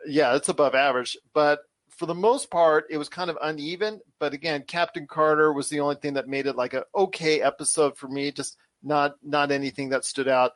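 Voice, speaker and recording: A man hosting a relaxed pop-culture podcast, his voice sitting a touch higher than most men's. He talks with enthusiasm and rambles a little, often restarting his sentences. The recording is dry and close, with no room sound. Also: a little fast, hardly any pauses, no room sound. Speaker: show host. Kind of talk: casual podcast chat.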